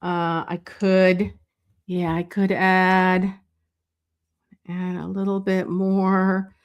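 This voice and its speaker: A woman giving a live drawing lesson, thinking aloud as she works, relaxed and chatty with light laughs, often pausing and correcting herself. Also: fairly low pitch, clear, resonant tone, dull audio. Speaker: drawing teacher.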